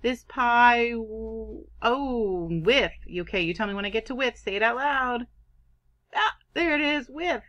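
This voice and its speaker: A woman teaching a kindergarten reading lesson, sounding out words in an animated, drawn-out way. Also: a little high. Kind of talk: online phonics lesson for young children.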